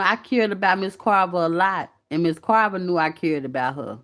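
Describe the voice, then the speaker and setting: A woman's voice: fairly low pitch, normal speed, a bit bright. A woman from Alabama, hosting a casual livestream and talking candidly and emphatically to her viewers. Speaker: YouTube commentary host.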